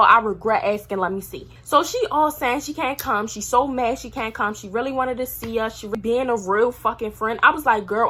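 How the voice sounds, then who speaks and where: A young woman talks straight to her vlog audience, telling a long story in a casual, slangy, animated way. She jumps from loud bursts to muttered asides. Her voice sits a little high, with a bright, sharp edge and a husky grain. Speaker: vlogger.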